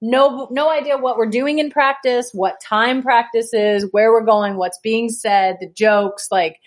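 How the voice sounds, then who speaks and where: A woman's voice: fairly high pitch, fairly even intonation, a little slow. Chatty woman on a podcast. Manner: chatty, lots of "like", laughs. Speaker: guest, pro soccer player. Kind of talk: casual podcast chat.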